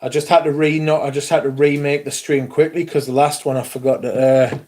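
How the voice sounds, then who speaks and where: A British man hosting a casual livestream, chatty and excitable, swearing freely as he talks to his viewers. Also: fairly high pitch, a little fast. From Britain. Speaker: livestream host.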